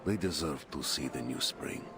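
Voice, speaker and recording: A grave military commander speaks low and steady, as a man puts him on. His tone stays solemn throughout. Music plays clearly behind the voice in this game story. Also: normal speed, full character voice.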